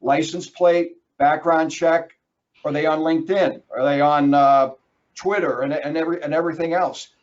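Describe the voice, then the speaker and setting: A man's voice: a little high, fairly even intonation, moderate pace, dull audio. A man giving a webinar presentation, emphatic and direct, talking straight to his listeners. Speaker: webinar presenter on trucking risk.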